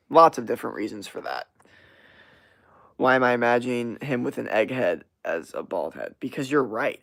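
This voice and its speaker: A young man hosts a livestream, casually chatting and reacting to viewer comments in a rambling, profane, animated way packed with fillers. His voice is gravelly and medium in pitch.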